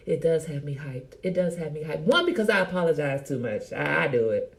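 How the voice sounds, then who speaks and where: A middle-aged woman hosting a casual live chat, teasing and animated, talking straight to her viewers by name. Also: deep voice, fairly quick. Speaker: host.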